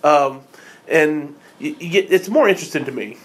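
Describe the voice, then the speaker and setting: Rambling podcast host man, slightly high. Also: moderate pace, slightly rough. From United States. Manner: rambling, many fillers and restarts, laughs often. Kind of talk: casual chat.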